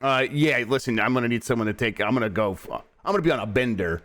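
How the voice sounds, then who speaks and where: Lively, joking male show host. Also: medium pitch, quick pace. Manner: animated, jokey, frequent "uh" and laughs. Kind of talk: casual morning gaming news show.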